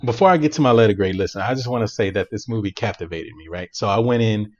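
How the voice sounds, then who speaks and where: A low-voiced man tells a movie plot in a loose, animated way, with lots of fillers, and he laughs often. He is co-hosting a casual podcast. The sound is dull and lo-fi. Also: fast. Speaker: podcast co-host. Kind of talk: casual chat, recapping a movie.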